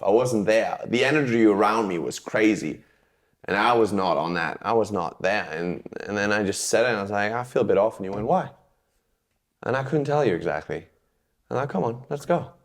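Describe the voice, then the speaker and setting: A man's voice: lowish voice, lively intonation, a little fast. Rambling man chatting about magic. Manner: rambling, fills with "yeah, yeah". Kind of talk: casual chat.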